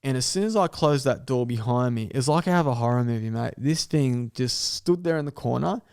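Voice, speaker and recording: Man, podcast guest, mid-pitch storyteller, swears freely, acts out every line of dialogue. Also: brisk, a little mellow, clear, resonant tone. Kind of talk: storytelling in casual podcast chat.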